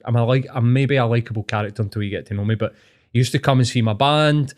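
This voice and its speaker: A man's voice: mid-range voice, fast. A middle-aged Scottish man hosting a podcast, telling rambling, sweary anecdotes in casual chat and calling his guest "mate". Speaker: podcast host.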